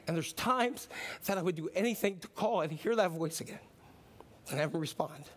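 A man's voice: fairly high pitch, lively intonation, brisk. A middle-aged man preaching a sermon, talking in a conversational way and rising to emphatic declarations. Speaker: pastor.

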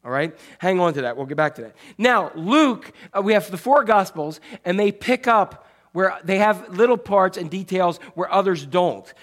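High-voiced pastor, chatty sermon. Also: male voice, animated, moderate pace. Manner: conversational, often checks in with the congregation; playful, jokey asides.

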